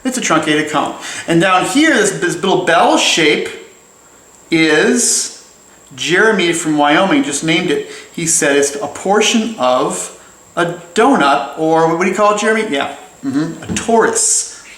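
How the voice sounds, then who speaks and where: A man's voice: on the high side, animated, unhurried, fairly bright tone, roomy sound, low-quality recording. A man giving a casual, playful drawing lesson as he sketches, chatty and full of jokey asides. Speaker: drawing teacher.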